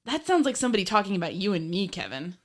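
A woman's voice: mid-range voice, big pitch swings, racing. Chatty, laughing woman podcaster. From Ireland. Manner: chatty, laughs often, swears casually. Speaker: podcast co-host. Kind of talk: casual film discussion podcast.

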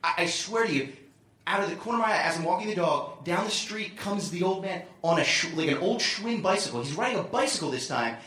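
A man's voice: high voice, expressive, fast talker, bright, forceful tone, roomy sound. A man telling a story on stage as a comedy guest, stammering and self-deprecating.

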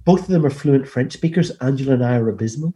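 A man's voice: medium pitch, lively intonation, fast, mellow. Emphatic man, upbeat. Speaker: co-host of a home renovation show, guest. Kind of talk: casual video call chat.

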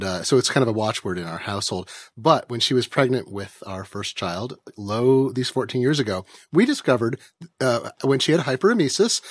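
A man's voice: mid-range voice, dry recording, studio quality. A man in his forties, a podcast panelist, telling a story in a wry, rambling way with bursts of laughter. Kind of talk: casual podcast chat.

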